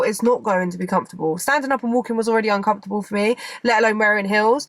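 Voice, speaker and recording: A woman's voice: mid-range voice, no room sound. A young woman, chatting casually to camera as a vlogger, rambling and repeating herself.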